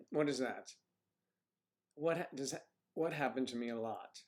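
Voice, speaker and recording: A man hosting a casual livestream, talking through technical trouble, with a gravelly voice and frequent throat clearing as he mutters to himself while checking his settings. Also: medium pitch, expressive, slow, a little mellow. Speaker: livestream host. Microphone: computer microphone at a desk.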